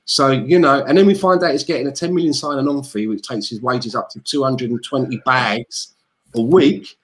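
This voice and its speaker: A man's voice: mid-range voice, normal speed. Sweary man ranting casually. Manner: animated and sweary, mimics others in quotes. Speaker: podcast co-host. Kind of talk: casual football chat.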